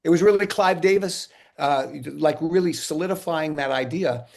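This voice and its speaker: Man telling lively stories, slightly high. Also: normal speed. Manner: animated storyteller, acts out quotes, laughs often. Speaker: interview guest, musician. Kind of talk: casual anecdotal interview.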